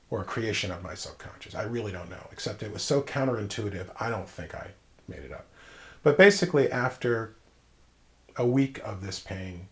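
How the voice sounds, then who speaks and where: A man, likely in his thirties or forties, telling a personal story as an interview guest, reflective and emphatic with pauses. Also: fairly low pitch, creaky.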